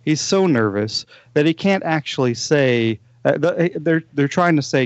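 A man on a podcast, telling the plot of a TV show in a rambling, animated way, with many restarts. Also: on the high side, moderate pace, hardly any pauses, no echo, lo-fi sound. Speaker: podcast co-host. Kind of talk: casual chat, recommending a TV show.

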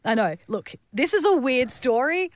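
A woman in her thirties, a radio breakfast co-host, telling a story in casual, animated chat. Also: high voice, normal speed, dry recording, studio quality. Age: 30s.

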